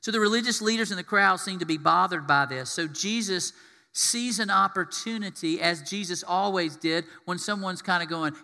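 A male pastor preaching a sermon in an animated way, acting out quotes in different voices. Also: sits high, normal speed, creaky, long reverb tail.

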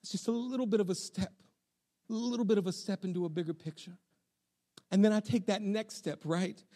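A young man, a pastor, preaching a sermon in an animated, conversational way with casual slang. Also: high-pitched, fairly quick.

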